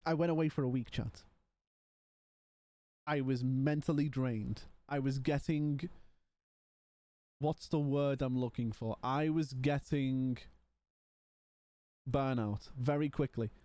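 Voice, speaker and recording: A man's voice: mid-range voice, fairly even intonation, slow, long pauses, mellow, dry recording. A man livestreaming from home, chatting casually and rambling while yawning and tired. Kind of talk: casual stream chat.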